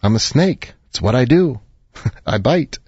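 A sly, wheedling viper, as a man puts him on, pleading in a hushed, slightly higher voice. The sound is dry and a little dull, with no room around it. The snake talks in a crafty, coaxing way. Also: animated, unhurried, husky, no echo. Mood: matter-of-fact. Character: sly deceitful male viper.

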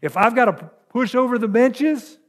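High-voiced man preaching conversationally. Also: animated, normal speed. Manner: conversational preaching with frequent "right?" asides and rising emphasis. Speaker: pastor. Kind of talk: sermon.

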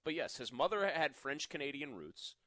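A man's voice: on the high side, sing-song, normal speed, sharp tone, dry recording. A man co-hosting a sports radio show, talking casually and laughing easily.

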